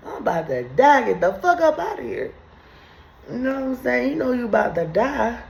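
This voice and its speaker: A woman with a fairly high, gravelly voice and big pitch swings hosts a video at a moderate pace, riffing on scripture with crude humor and frequent laughter. It's profane comedic Bible commentary, recorded with roomy echo and a muffled sound.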